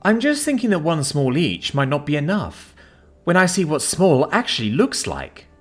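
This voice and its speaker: A man narrating a science fiction story in an expressive, animated way. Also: on the high side, moderate pace, soft background music.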